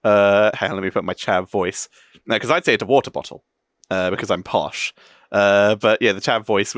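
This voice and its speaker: A young British man hosting a casual meme reaction chat, animated and laughing often. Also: moderate pace, no room sound, clean studio sound. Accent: British English. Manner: animated, laughs often, jumps into high exclamations. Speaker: host reacting to memes.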